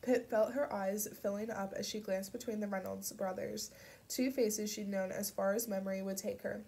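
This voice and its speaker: A woman narrating an audiobook in a steady, measured reading voice. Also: mid-range voice, creaky.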